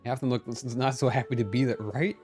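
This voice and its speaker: A man's voice: mid-range voice, fairly even intonation, quick pace, loud music behind the voice. A man streaming a video game, chatting casually in a playful, rambling, jokey way. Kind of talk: casual gameplay commentary.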